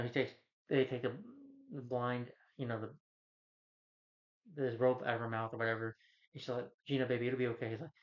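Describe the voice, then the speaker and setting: A man rants casually through a film review, rambling as he retells scenes and acts out the characters' lines. His voice sits in a middle range. The recording sounds slightly dull and lo-fi. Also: mid-range voice. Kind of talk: casual spoken movie rant.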